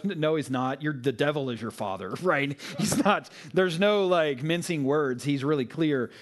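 A man giving a casual sermon to a live audience, retelling scripture in a chatty, animated way with asides. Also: medium pitch. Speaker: preacher.

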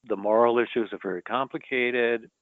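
A male journalist, a guest in a conversation, retelling anecdotes in a measured, storytelling way. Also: mid-range voice, steady tone, dry recording. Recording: tinny phone-like line, dry.

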